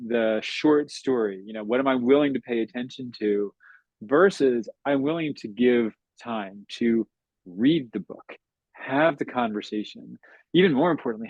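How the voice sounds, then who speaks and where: A middle-aged American man speaking as an interview guest, reflective and measured, often saying "you know". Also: mid-range voice, darkish tone, no echo, dull audio. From United States. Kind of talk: conversational interview.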